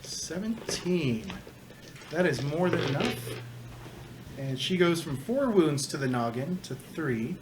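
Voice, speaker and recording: A man's voice: fairly high pitch, sing-song, takes it slowly. A man running a tabletop game as game master, giving rules in a matter-of-fact way. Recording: noisy home recording.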